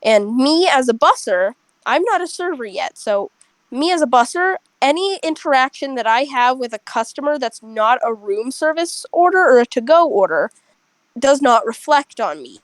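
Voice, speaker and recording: A young woman casually telling a rambling, animated story to friends over a headset. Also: sits high, normal speed, dry recording, poor audio. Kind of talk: casual chat.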